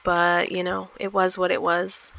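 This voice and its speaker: A woman's voice: lowish voice, completely flat delivery, slow, vocal fry, a bit bright, no room sound. A woman casually talking through her life-simulation gameplay, rambling with many fillers. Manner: chatty, rambling with many ums. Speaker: gameplay vlogger. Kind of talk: casual game commentary.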